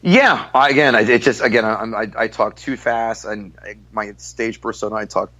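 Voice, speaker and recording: A man who is a guest comedian, telling stories in a casual podcast chat, talking fast, loud and forward, full of profanity. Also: lowish voice.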